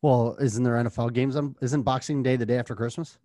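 A man's voice: mid-range voice, fairly even intonation, fairly quick, dark tone, no room sound. An American man co-hosting a sports podcast, chatting in a breezy, joking way. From United States. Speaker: podcast co-host. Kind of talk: casual sports podcast chat.

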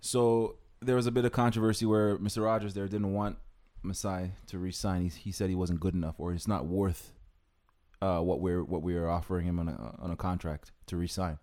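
A man co-hosting a podcast, calm and even-tempered in casual chat. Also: sits low, fairly quick. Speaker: podcast co-host.

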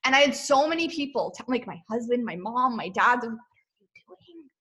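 A woman in her thirties talks as a podcast guest in a loose, rambling way, full of "like" and "um." She often laughs at herself. Her voice is bright and sits a little high. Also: animated, fast. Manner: chatty, self-deprecating, laughs often, many fillers. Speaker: podcast guest, boutique owner. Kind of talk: casual interview chat.

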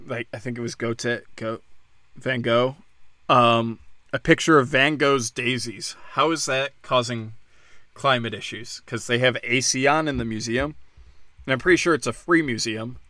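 A man's voice: medium pitch, sharp tone, no room sound. A man hosting a casual news rant, sarcastic and profane, rambling from story to story.

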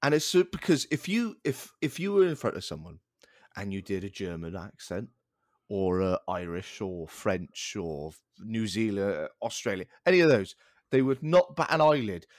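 A man's voice: lowish voice, sing-song, moderate pace, dry recording. Ranting man, dry close sound. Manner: ranting, exasperated, swears casually. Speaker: podcast co-host. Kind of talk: casual chat.

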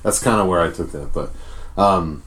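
A man's voice: low voice, moderate pace, fairly bright tone. A young man with a Rhode Island accent hosting a casual podcast, talking in a rambling, profane way full of fillers. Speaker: podcast host.

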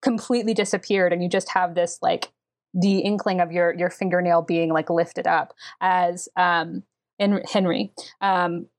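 A woman's voice: fairly low pitch, steady tone, unhurried. A woman running a tabletop role-playing game, narrating descriptively with many fillers. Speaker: game master.

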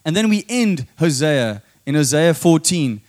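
A man's voice: a little high, sing-song, darkish tone. Earnest male preacher. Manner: earnest, reads verses slowly and emphatically. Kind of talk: sermon with scripture reading.

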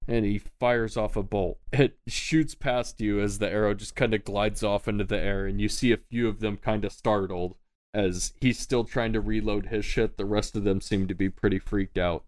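A man's voice: fairly low pitch, darkish tone, smooth, no echo. A man narrating a tabletop game as game master, casual and laughing often, swearing freely.

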